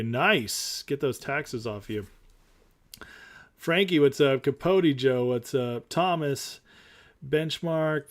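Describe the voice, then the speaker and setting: Male livestream host, casual chat, emphatic and rambling, answers viewer comments. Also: on the high side. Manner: rambling and emphatic, with fillers and restarts.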